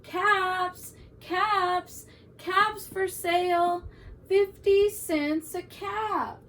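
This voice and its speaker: A woman voicing an angry male cap peddler who scolds and shouts. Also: very high-pitched, steady tone, extremely slow, distant mic, pitched above the performer's own voice, full character voice. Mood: calling out. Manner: shouting, finger-wagging scolds.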